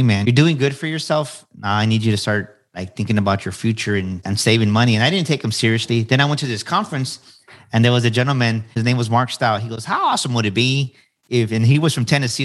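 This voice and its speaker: A man in his forties, a podcast guest, telling his story in an earnest, motivational way and repeating phrases for emphasis. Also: fairly low pitch. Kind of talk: candid storytelling interview answers.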